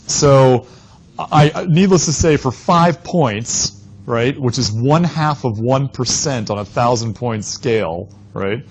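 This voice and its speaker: A man lecturing an anthropology class. He tells a long anecdote in an animated way and often ends his statements with "right?". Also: mid-range voice, low-quality recording.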